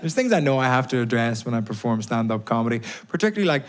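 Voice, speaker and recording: A man's voice: mid-range voice, sing-song, very fast. A Northern Irish man in his thirties doing a stand-up set in a club, ranting with sardonic, mock-exasperated edge. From Belfast, Northern Ireland. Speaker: stand-up comedian. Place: comedy club basement with a live audience. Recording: live club recording with audience laughter. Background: audience laughter and applause.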